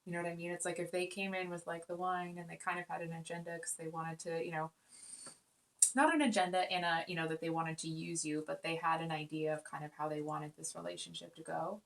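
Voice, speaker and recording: A woman's voice: fairly low pitch, fairly even intonation, brisk, vocal fry. A woman giving a casual spoken tarot reading, earnest and rambling, with many fillers and restarts. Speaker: tarot reader.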